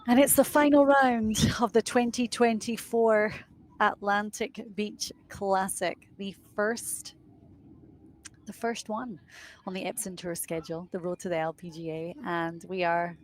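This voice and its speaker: A woman's voice: mid-range voice, unhurried. A young woman doing live golf commentary outdoors on a windy course, chatty and self-deprecating.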